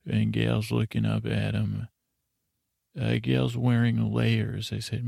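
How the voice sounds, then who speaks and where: Gravelly, monotone man rambling a recap. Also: fairly low pitch, takes it slowly, dry recording, studio quality. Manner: meandering, drowsy monotone, many filler words. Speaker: podcast host. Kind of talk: rambling bedtime episode recap.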